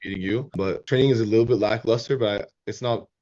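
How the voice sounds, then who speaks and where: A young man in his twenties speaks quickly and casually on a call, peppering his talk with "like". His voice sits lowish. The sound is very dry and dull, like lo-fi call audio. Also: dark tone, no room sound. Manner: casual, many fillers, "like". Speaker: sales trainee.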